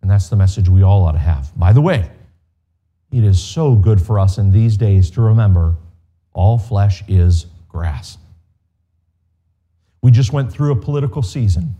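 Pastor, male: mellow, darker tone, earnest measured sermon delivery, speaks straight to the congregation. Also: fairly low pitch, animated. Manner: earnest, measured preaching with direct appeals to listeners. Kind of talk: expository sermon.

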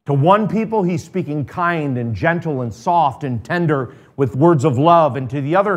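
A man, a pastor, giving a sermon. He reads scripture with swelling intensity, then drops into quiet, conversational asides to the congregation. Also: a little high, animated, normal speed, few pauses.

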